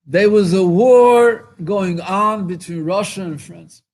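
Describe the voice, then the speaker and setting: A rabbi speaking at a farbrengen, impassioned, repeating phrases for emphasis and rising to exclamations. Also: male voice, high voice, takes it slowly, darkish tone. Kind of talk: farbrengen talk.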